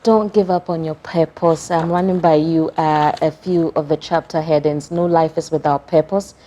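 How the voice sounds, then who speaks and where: A woman's voice: sits low, steady tone, moderate pace, mellow, a little hiss or hum. A woman hosting an interview, affirming her guest and reading out chapter headings. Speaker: talk show host.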